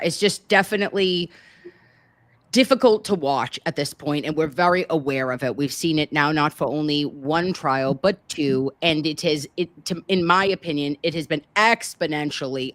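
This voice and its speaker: Woman host, casual commentary; exasperated, slangy, animated; dry close mic. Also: sits low, no room sound.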